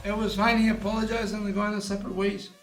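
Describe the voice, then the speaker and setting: A man's voice: high voice, flat delivery, quick pace, echoey room, soft background music. A man live-streaming in a brash, boastful, profane way, tired out. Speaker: livestreamer. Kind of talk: casual live-stream chat.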